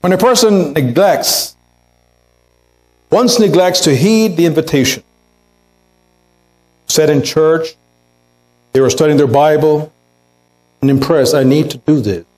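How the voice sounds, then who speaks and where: A man's voice: fairly high pitch, slow pace, pauses often, a little mellow, low-quality recording. A pastor preaching a sermon in a church, earnest, lifting his voice to act out quoted words. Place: church sanctuary.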